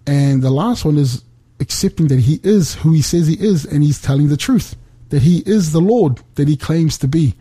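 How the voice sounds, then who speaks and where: A middle-aged man speaks earnestly about faith, often stopping and restarting his sentences. His voice is mellow and a little husky. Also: fairly high pitch, lively intonation. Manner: earnest, halting, many restarts. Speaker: guest speaker. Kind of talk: faith talk on a remote call.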